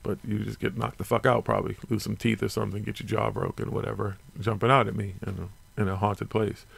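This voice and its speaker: Gravelly man in slangy casual chat. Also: lowish voice, level tone, quick pace. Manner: loose and slangy, with frequent fillers and cursing. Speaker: co-host.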